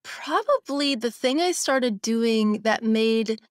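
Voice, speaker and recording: A woman's voice: a little high, animated, takes it slowly, no echo, studio quality. A woman in her forties, a guest on a podcast interview, talking candidly and reflectively, sometimes acting out her own inner voice. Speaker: guest, simplicity coach and author.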